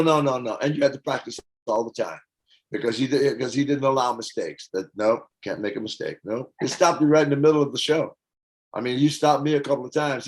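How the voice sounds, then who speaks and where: An older man in a casual interview, telling stories with lively acted-out quotes and hummed parts. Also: medium pitch, rough recording. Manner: animated storyteller, acts out quotes and hums parts. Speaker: interview guest, former band singer.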